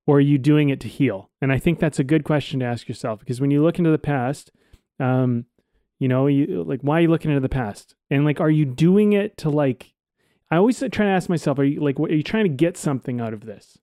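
A man co-hosting a casual podcast, rambling and relaxed, swearing now and then. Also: on the high side, fairly quick, no room sound, clean studio sound. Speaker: podcast co-host.

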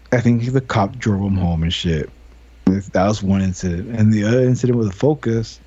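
A man's voice: on the low side, warm tone, husky, dry recording. A man hosting a podcast, telling rambling stories casually, laughing often and swearing freely. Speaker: podcast host. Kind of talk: casual chat. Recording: dull lo-fi sound.

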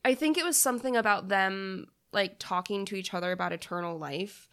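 A woman's voice: medium pitch, brisk, fairly bright tone, smooth. A woman co-hosting a podcast, chatting casually about a movie, laughing often and swearing casually. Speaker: podcast co-host. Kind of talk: casual movie review chat.

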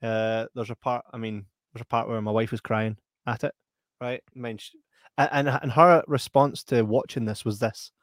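A man's voice: mid-range voice, fairly even intonation, normal speed, no echo, clean studio sound. A man co-hosting a live stream, chatting casually, laughing often and reading out comments. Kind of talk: casual chat.

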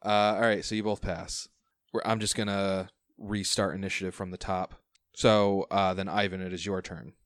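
A man runs a tabletop game as its game master, his voice sitting a little low. He describes the action in an easy, chuckling way, and the sound is dry with no room around it. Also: flat delivery, normal speed, dry recording. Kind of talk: running a tabletop game over chat.

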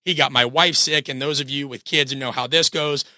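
A man's voice: mid-range voice, fairly even intonation, moderate pace, pushed and bright, no echo, studio quality. A man in his thirties, sick with a cold, hosting a solo podcast and coaching his listeners in an earnest, direct way.

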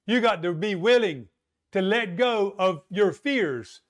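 High-voiced, slow-preaching man. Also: animated. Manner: slow, emphatic preaching with dramatic pauses and rhetorical questions. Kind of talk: sermon.

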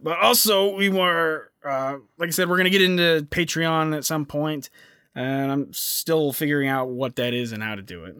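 A man's voice: a little high, moderate pace, pushed and bright, clean tone, dry recording, studio quality. A young man hosting a casual podcast, rambling with lots of fillers and restarts. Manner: rambling, filler-heavy, self-interrupting. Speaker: podcast host.

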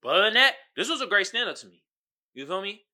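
A male podcast host giving casual, slangy commentary, animated and often asking "you feel me". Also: high voice, fast talker. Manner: animated, acts out quotes loudly.

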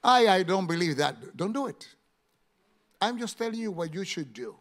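High-voiced preaching man. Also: lively intonation, moderate pace. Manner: emphatic, rising to loud exclamations. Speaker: pastor. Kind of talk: sermon.

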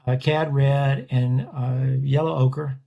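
Speaking slowly in a gravelly, dark, medium-pitched voice with fairly even intonation, a male portrait artist wanders through anecdotes during a relaxed interview. He often stops, restarts, and corrects himself along the way.

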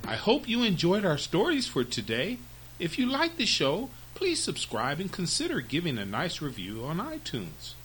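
A man hosting a storytelling podcast, reading fables to children with very expressive, lively narration. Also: a little high, normal speed, faint music behind, poor audio.

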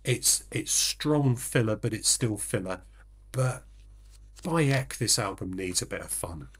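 Low-voiced guy rambling on a podcast, lots of ums and restarts. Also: animated, measured pace, breathy edge. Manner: rambling, hesitant, full of restarts. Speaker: podcast co-host. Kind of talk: casual podcast chat.

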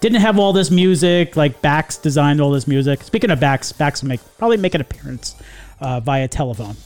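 A man's voice: a little high, animated, brisk, darkish tone. A man hosting a podcast from a home studio, chatting casually, joking, laughing often and swearing now and then. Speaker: podcast host. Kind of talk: casual chat.

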